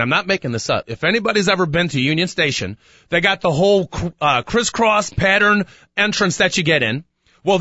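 Guy from chicago rambling on his radio show, bright and high, dry kinda dull sound. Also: no room sound. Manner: rambling storyteller, animated when retelling. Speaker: radio talk show host. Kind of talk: casual sports talk radio monologue. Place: radio studio.

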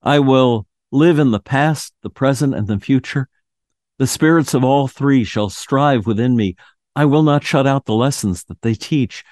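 Scrooge, a pleading old miser, as a narrator puts him on. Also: male voice, medium pitch, unhurried, darkish tone, no room sound, studio quality, voice pushed up, close to an everyday voice. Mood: desperate. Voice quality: quavering, pleading. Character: terrified old miser man pleading with a ghost. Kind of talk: audio drama reading.

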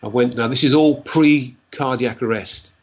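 Husky man telling a story. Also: mid-range voice, muffled recording. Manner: halting, repeats words, fillers like "like, you know". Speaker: guest. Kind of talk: personal storytelling in a conversation.

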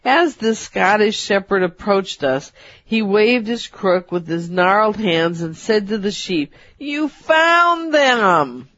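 A woman co-hosting a talk show, reading a personal story aloud in a measured storytelling manner. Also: medium pitch. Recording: dull, dry.

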